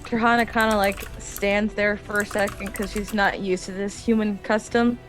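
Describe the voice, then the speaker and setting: A woman's voice: medium pitch, level tone, moderate pace, music in the background. A woman playing a tabletop game, talking casually and hesitantly with lots of filler words. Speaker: player.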